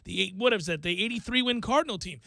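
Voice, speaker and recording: A man hosting sports talk radio, chatting casually and excitedly, rattling off baseball stats and joking around. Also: sits high, fast talker, vocal fry, dry recording.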